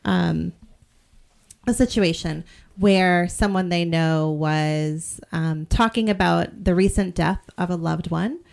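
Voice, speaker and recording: Gravelly-voiced woman podcast co-host. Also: lowish voice, slow pace. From New England, United States. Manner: chatty, self-mocking, trails off and restarts. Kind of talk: casual chat.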